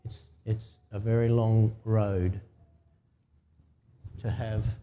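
Australian man preaching, mellow voice. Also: lowish voice, flat delivery, very slow, slight background noise. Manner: conversational preaching, asks the congregation to respond. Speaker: pastor. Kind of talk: sermon.

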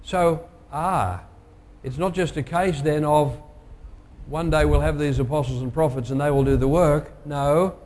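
A pastor delivering a sermon, measured and emphatic, slowing down to stress key phrases. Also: male voice, a little high, darkish tone. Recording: long hall reverb.

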